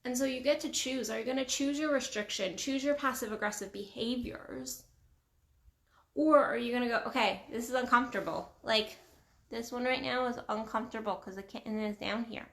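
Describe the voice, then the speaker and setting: A woman relationship coach speaking straight to her viewers in an emphatic, casual way, repeating phrases for weight and slipping into quoted voices. Her voice sits a little high, and the room gives it a clear echo. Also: steady tone, normal speed, fairly bright tone. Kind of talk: casual vlog monologue. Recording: roomy echo.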